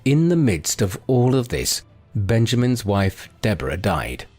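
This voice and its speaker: A man reading a scripted history narration in a steady storytelling manner. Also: on the low side, a little slow. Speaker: documentary narrator. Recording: faint music bed.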